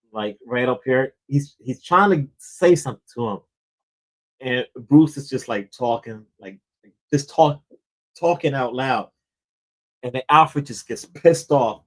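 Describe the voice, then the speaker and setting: A man's voice: mid-range voice, a little slow, low-quality recording. A man hosting a comic book show, chatting casually about a book, rambling, repeating words and often saying "man".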